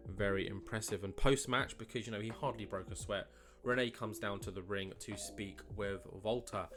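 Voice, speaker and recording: A young man casually narrating a wrestling management game, chatty and rambling with lots of fillers. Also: on the low side. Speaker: let's play host. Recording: faint guitar music behind.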